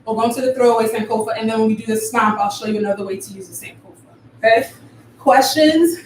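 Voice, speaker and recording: Dance teacher calling rhythms, echoey. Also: female voice, fairly high pitch, level tone, racing. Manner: counts rhythms aloud with vocal syllables. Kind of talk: live online dance class instruction. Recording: echoey room from far off, faint noise.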